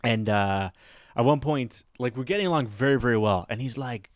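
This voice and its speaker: A man's voice: mid-range voice, moderate pace, no echo, studio quality. Rambling man telling a story. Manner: rambling, filler-heavy, animated retelling. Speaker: podcast host. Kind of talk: casual storytelling chat.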